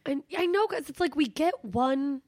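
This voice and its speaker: A woman's voice: sits high, lively intonation, moderate pace, darkish tone, no room sound, studio quality. A woman hosting a podcast, chatting casually and cracking playful jokes. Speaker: podcast host.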